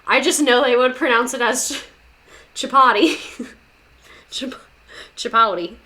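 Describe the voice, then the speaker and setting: Young woman podcast host, casual sarcastic chatter with a bright, sharp tone. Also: high voice, fairly even intonation, unhurried. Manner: chatty, sarcastic, repeats words for comic effect. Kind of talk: casual chat reading listener stories.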